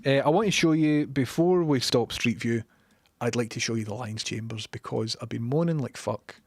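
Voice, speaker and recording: A Glaswegian livestreamer with a mid-range voice chats casually at a moderate pace, reading chat messages while swearing and airing his opinions. The sound is studio quality with no echo.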